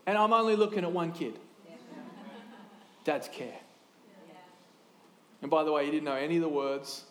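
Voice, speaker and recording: A man in his thirties preaching a sermon in a lively, conversational way, with quick asides and restarts. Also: a little high, roomy sound. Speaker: pastor.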